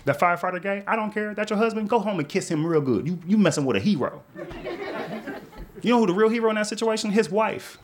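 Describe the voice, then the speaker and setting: A man in his thirties doing a stand-up comedy set, telling stories in a loose, conversational way with big animated swings. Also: high voice, quick pace, a little hiss or hum. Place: comedy club stage with live audience. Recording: live set with loud crowd laughter.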